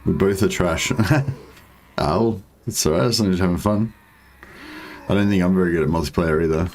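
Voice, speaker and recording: A man's voice: low voice, normal speed, a little mellow, slight background noise. An Australian man casually chatting with viewers while livestreaming a strategy game and greeting them by name. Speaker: livestreaming gamer.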